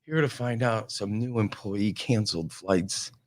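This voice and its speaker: A man telling a casual, animated comic story on a talk show, full of exasperation. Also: on the low side, a little slow.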